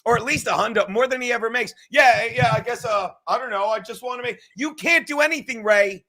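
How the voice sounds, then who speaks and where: A man's voice: very high-pitched, sharp tone. A middle-aged man on a podcast, ranting angrily and swearing constantly as he insults people. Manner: angry, insulting, fast swearing. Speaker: podcast guest. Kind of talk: profane ranting commentary.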